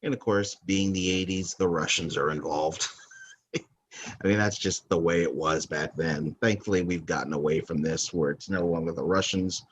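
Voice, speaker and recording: A man's voice: low voice, steady tone, normal speed, slight background noise. A man hosting a movie countdown podcast, talking casually in a rambling, opinionated way that often corrects itself. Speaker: podcast host.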